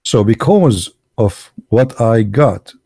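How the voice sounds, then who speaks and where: Blunt Arabic-accented man, gravelly and dry. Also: lowish voice, expressive, slow, mellow, no room sound. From Arab world. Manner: blunt, emphatic, mocking, sometimes laughing. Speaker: online show host. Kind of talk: opinionated monologue.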